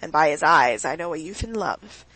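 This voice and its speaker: A woman's voice: low voice, animated, moderate pace, a bit bright, no echo, voice pushed down, exaggerated voice, rough recording. A woman reading the lines of a genial, sociable nobleman in an audiobook, in a hearty, teasing way.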